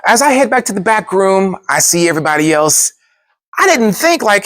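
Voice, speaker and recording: Animated male storyteller, lively pitch. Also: normal speed, no echo, clean studio sound. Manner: animated, shifting into voices for characters. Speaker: speaker telling a personal story. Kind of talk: storytelling speech.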